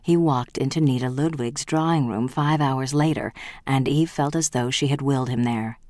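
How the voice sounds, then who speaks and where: Measured audiobook narrator, dry sound. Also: medium pitch, a little mellow, no echo. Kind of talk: scripted narration.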